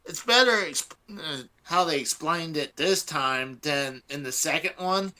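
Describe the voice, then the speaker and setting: A man in a casual group chat, explaining his view in a lively way. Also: on the high side, measured pace.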